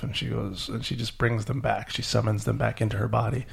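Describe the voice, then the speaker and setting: A man hosting a podcast, retelling a myth to a child in an animated, storytelling way. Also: fairly low pitch, fairly quick, creaky, slightly rough. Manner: animated storyteller, acting out characters. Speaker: podcast host.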